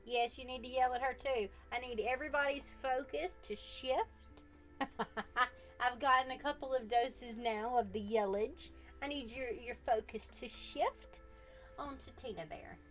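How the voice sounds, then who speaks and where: A woman casually chatting with her viewers on a live stream, teasing them playfully and laughing often. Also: on the high side.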